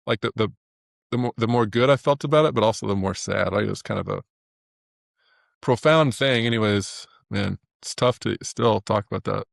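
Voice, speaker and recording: Male interview guest, gravelly low voice, sincere and halting delivery. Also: no room sound, studio quality. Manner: earnest, halting with many restarts. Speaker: guest, animator. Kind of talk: reflective interview talk.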